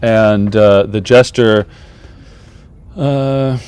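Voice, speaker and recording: A man narrating as the game master of a tabletop game, in a relaxed and rambling way with many fillers. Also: fairly low pitch, drawn-out words, clear, resonant tone. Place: backyard.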